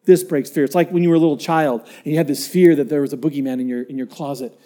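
A man preaching with a fairly high yet mellow voice. He is earnest and dynamic, sinking to near-whispers and then climbing to emphatic, drawn-out points. He tells stories and acts out what people said. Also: steady tone. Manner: dynamic, swinging from hushed to emphatic; earnest storytelling with acted-out quotes. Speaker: pastor. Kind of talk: sermon.

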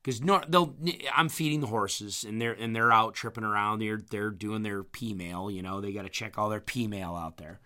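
A man telling a rambling story in a casual chat, his voice strained after hurting his vocal cords, clearing his throat often. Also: lowish voice, normal speed, hardly any pauses, pushed and bright.

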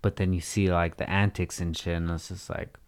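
A man hosting a casual chat about music, relaxed and agreeable, with casual slang. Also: low voice, normal speed.

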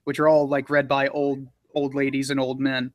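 A man's voice: medium pitch, normal speed, dry recording. A man who narrates audiobooks, talking casually in an interview with many fillers and small laughs. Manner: relaxed, rambling, frequent fillers and laughs.

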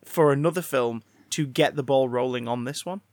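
A man co-hosting a podcast, chatting casually, swearing freely and getting loudly excited as he goes. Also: mid-range voice, moderate pace, dry recording, studio quality. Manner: animated, swears freely, breaks into exaggerated excited outbursts. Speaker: podcast co-host.

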